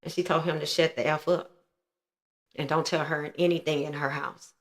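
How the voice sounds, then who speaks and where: A woman's voice: deep voice, fairly even intonation, normal speed, a bit bright. A woman in her thirties frankly and earnestly telling a painful personal story as the host of her own show.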